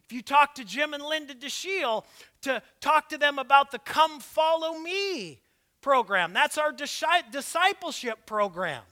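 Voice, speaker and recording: A man with a strikingly high, bright voice preaches slowly and deliberately from the pulpit. His delivery leans on emphasis and occasional shouts, and his words carry a slight lisp. He drops into easy, joking asides between points. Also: expressive. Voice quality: slight lisp from dental aligners. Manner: breaks into laughter and asides. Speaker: pastor. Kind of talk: sermon. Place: church sanctuary, also live-streamed.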